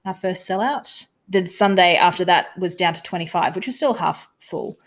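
Young Australian woman, somewhat low voice, guest on a podcast interview, lively storyteller who plays out the lines she quotes. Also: moderate pace. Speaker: guest, touring comedy performer.

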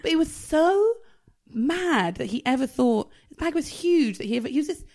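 A woman's voice: high voice, animated, normal speed, a little mellow. A woman hosting a podcast, chatting casually and laughing as she tells opinionated stories. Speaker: podcast host. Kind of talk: casual chat.

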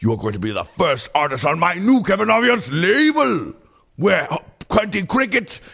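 A man doing a campy, gravelly diva performer. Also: high-pitched, big pitch swings, moderate pace, voice pushed up, exaggerated voice. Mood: gushing. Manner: campy, theatrical, sassy with sudden loud outbursts. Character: flamboyant diva nightclub performer, grand and self-absorbed. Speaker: comedy podcast host. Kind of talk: comedic sketch impression.

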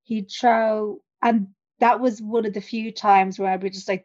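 An Irish woman co-hosting a casual chat podcast, blunt and sweary, laughing loudly. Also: medium pitch, steady tone, a little slow, lo-fi sound. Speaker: podcast co-host.

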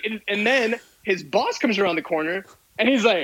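Animated, husky-voiced man telling a story. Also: sits high, brisk, rough recording. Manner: animated, exasperated retelling with quoted dialogue. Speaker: guest. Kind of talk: casual podcast storytelling.

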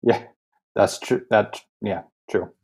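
Man tossing in quick joking reactions. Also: fairly low pitch, steady tone, a little mellow, breathy edge. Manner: quick jokey reactions, short interjections. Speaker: podcast co-host. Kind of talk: casual chat.

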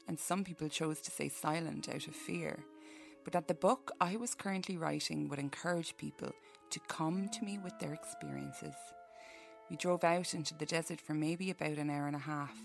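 A woman's voice: low-pitched, vocal fry. A woman hosting a podcast who reads a book aloud and breaks off for profane, jokey asides. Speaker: podcast host.

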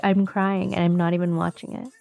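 A woman co-hosting a beauty podcast in casual chat, animated, laughing often and swearing casually. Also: lowish voice, fairly quick, creaky, soft background music. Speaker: podcast co-host.

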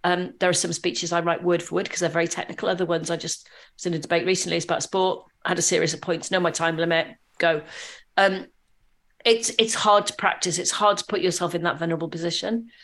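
A woman's voice: on the low side, fast talker. Woman guest telling chatty anecdotes. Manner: chatty, tells anecdotes in a lively way. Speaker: podcast guest. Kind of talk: casual interview chat.

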